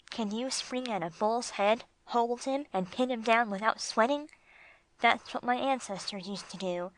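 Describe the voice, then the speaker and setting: A woman voicing a tough, streetwise male bulldog who talks in blunt, gruff slang in an audiobook. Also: medium pitch, a bit bright, lightly acted. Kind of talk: audiobook character voice.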